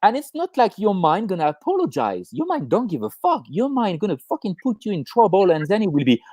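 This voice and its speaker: Lively, animated man on a call. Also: sits high, fairly quick, no echo. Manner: animated, swears freely, acts out inner voices. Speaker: podcast co-host. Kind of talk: casual chat on a call. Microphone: video call.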